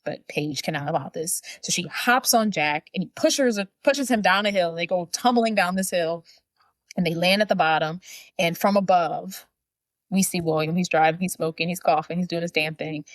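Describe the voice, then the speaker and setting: Low-voiced woman recapping a movie. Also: normal speed, no echo, clean studio sound. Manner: chatty, acts out characters' lines while retelling. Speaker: podcast co-host.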